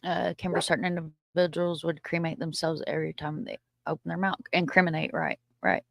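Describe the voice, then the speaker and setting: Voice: medium pitch, a little fast, vocal fry, fairly bright tone, no echo, studio quality. A livestream host chatting casually with viewers, reading out and answering their comments, often agreeing with short repeated words and giving blunt opinions. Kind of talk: casual live chat reacting to viewer comments.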